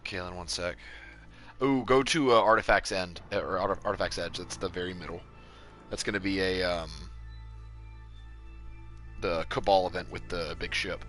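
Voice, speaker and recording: A man streaming a game with a friend, chatting casually and breaking into high yelps and laughter. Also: normal speed, pauses often, a bit bright, faint music behind. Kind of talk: casual live-stream gameplay chat.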